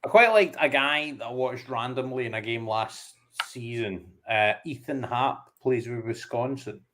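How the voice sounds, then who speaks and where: A man's voice: medium pitch, measured pace, a bit bright. Scottish man musing on a podcast. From Scotland. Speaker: podcast guest. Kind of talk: casual podcast chat.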